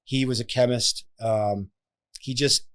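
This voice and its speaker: A man hosting a podcast, chatting casually and affirming his guest in a relaxed way. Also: mid-range voice, takes it slowly. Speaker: podcast host.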